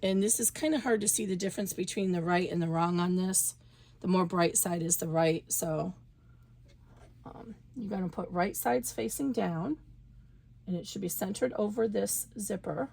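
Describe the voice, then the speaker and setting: An embroidery instructor gives a casual sewing tutorial, chatting through each step as she works and correcting herself along the way. Her medium-pitched voice moves at normal speed and sounds gravelly, slightly rough, and a little mellow.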